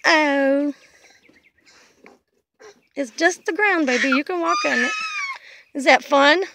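A woman's voice: high-pitched, slow pace, very noisy. An older woman, a grandmother, talking baby talk to her toddler grandson in a sing-song, coaxing, playful way, outdoors in a back yard.

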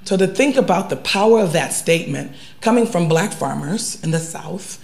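A woman professor speaking on a university seminar panel in a relaxed, earnest, conversational way. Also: fairly low pitch, moderate pace, creaky. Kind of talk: seminar talk. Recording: echoey room.

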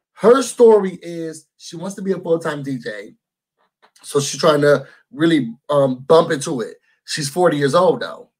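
A man with a high, husky voice gives a casual recap of a reality show. He is sassy and animated and talks straight to his viewers as y'all. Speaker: YouTube host reviewing a reality show.

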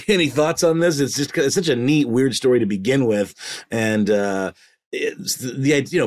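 A man co-hosting a podcast, talking casually and rambling, with many fillers and restarts, often amused. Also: on the low side. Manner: amused, chuckling. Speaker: podcast co-host.

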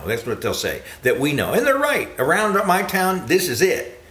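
A man preaching a sermon with emphatic repetition, often jumping to high exclamations. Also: huge pitch swings, moderate pace, a bit bright, echoey room.

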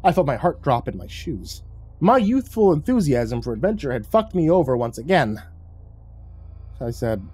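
A man narrating a horror story in a dramatic, expressive way. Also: a little high, moderate pace, slightly rough, faint music behind.

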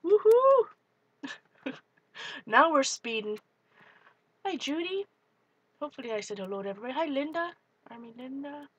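A woman hosting a live art stream, chatting excitedly as she works and greets viewers. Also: high-pitched, normal speed, long pauses, breathy edge, muffled recording. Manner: excitable, talks while working, greets viewers. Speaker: art livestream host. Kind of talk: live crafting demo, chatty.

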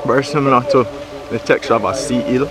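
A man's voice: mid-range voice, fairly even intonation, fast. A man hosting a food vlog, tasting dishes at an outdoor riverside cookout and describing them with frequent exclamations and appreciative hums. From Jamaica. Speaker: food vlogger host. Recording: loud crowd chatter outdoors.

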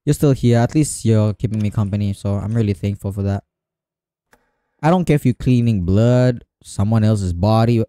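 A man's voice: lowish voice, moderate pace, dark tone, dry recording, clean studio sound. A man giving let's play commentary on a horror game, talking to himself and repeating phrases when he gets nervous. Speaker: gamer playing a horror game.

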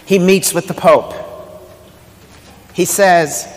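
Slow-spoken pastor in an echoing church. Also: male voice, a little high. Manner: conversational, humorous, rhetorical questions. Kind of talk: sermon. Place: church sanctuary. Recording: long church hall reverb.

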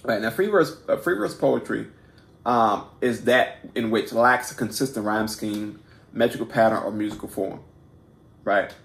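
Guy with a gravelly voice running a loose poetry class, stumbles and repeats himself a lot, echoey room. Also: on the low side. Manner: halting, many repeated words and restarts, keeps asking "right?"; self-deprecating and informal. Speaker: poetry teacher and host. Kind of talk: casual unscripted video lesson.

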